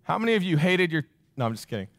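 High-voiced emphatic male pastor, dry sound. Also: big pitch swings, very fast, dry recording. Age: 40s. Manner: emphatic, repeats phrases, asks the crowd questions. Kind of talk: sermon.

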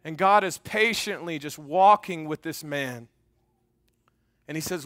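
High-voiced animated male preacher. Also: unhurried, no echo, studio quality. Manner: animated preaching, reads scripture aloud, jokes with congregation. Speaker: pastor. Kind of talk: sermon. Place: church.

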